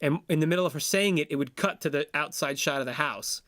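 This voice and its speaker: Animated, jokey male podcast co-host. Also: a little high, quick pace, no room sound, clean studio sound. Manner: animated, jokey, repeats words. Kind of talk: casual chat.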